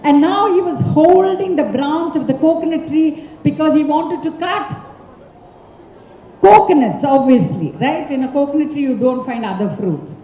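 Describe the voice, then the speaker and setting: A woman with an Indian English accent who tells a story to a large audience in an expressive, interactive way and prompts them for answers. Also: high-pitched, moderate pace, slight background noise. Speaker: professional storyteller, speaker. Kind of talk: interactive oral storytelling talk. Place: large conference hall. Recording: echoey hall from far off, dull sound.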